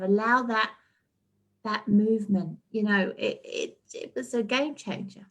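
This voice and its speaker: A woman's voice: mid-range voice, a little slow. A woman guest in a heartfelt casual chat, speaking earnestly and reflectively with frequent restarts.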